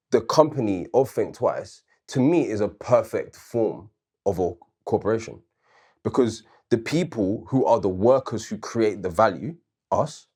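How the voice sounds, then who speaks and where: A man's voice: on the low side, mellow, slightly rough. A man co-hosting a casual debate show, arguing his point earnestly and backing it with questions and personal stories. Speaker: co-host.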